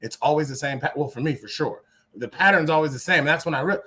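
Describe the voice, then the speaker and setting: A man in his forties talking in a casual panel, emphatic, swinging between loud bursts and quiet asides. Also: fast talker, slightly rough. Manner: emphatic, swings from loud to low, restarts a lot. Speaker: podcast co-host.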